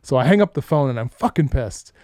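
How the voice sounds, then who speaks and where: A man's voice: mid-range voice, a little fast, dry recording, clean studio sound. A middle-aged man co-hosting a podcast, telling stories in casual chat, cursing freely and acting out the quotes. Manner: profane, animated storyteller acting out quotes. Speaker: podcast co-host.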